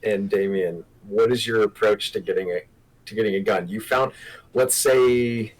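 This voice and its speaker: A man's voice: lowish voice, moderate pace, low-quality recording. A man running a tabletop horror game as game master, narrating in a wry way.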